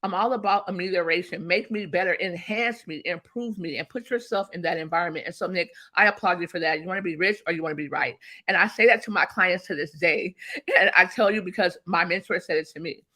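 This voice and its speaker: A woman's voice: fairly low pitch, fairly quick, pushed and bright. A woman guest in an interview, talking emphatically and telling stories that act out past conversations. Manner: emphatic, storytelling, acts out quoted exchanges. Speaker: interview guest, business coach.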